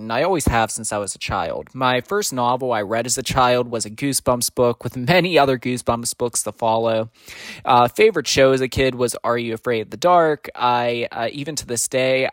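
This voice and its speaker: A man's voice: mid-range voice, no echo. A man speaking earnestly to his audience, explaining a faith topic in a scripted teaching talk with the odd filler. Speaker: Christian teacher.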